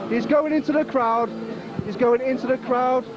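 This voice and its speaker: A man's voice: very high-pitched, steady tone, normal speed, over music. A man acting as master of ceremonies, giving jokey, theatrical mock sports commentary at a crowded indoor event. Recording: muffled amateur video with loud crowd.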